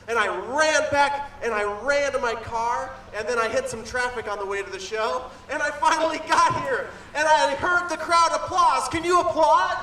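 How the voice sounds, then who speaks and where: A man's voice: very high-pitched, normal speed, hardly any pauses, bright, forceful tone, a little hiss or hum. A man performing as a children's entertainer on an outdoor amphitheater stage, telling an interactive story with playful sound effects. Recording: echoey outdoor stage, far from the mic.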